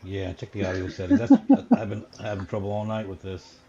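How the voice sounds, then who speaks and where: A friendly man on a live-stream panel who keeps quietly agreeing with and backing up the others. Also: lowish voice, very animated, fairly quick, crowd noise. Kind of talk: casual live-stream chat. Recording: muffled line with loud hiss.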